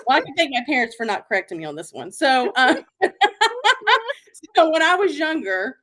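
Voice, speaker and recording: Chatty, giggly woman podcast host, slightly high. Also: sing-song, moderate pace, a bit bright. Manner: chatty, rambling, frequent filler words and giggles. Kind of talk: casual chat.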